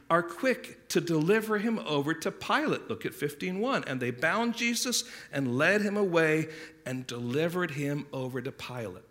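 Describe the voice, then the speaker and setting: Bright-voiced male pastor preaching. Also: fairly high pitch. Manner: earnest expository preaching with repetitions. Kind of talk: sermon.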